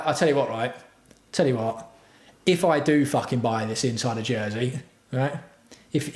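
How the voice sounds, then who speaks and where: A man hosting a livestream, ranting sarcastically and swearing a lot. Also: medium pitch. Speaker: livestream host. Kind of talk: casual livestream rant. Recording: echoey room.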